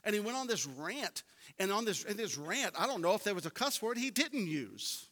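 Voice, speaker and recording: A pastor delivers his sermon as folksy storytelling that rises to emphatic peaks, speaking at normal speed with a sing-song lilt. His bright, ringing voice sits a bit above the typical male range, and the hall adds a long reverb.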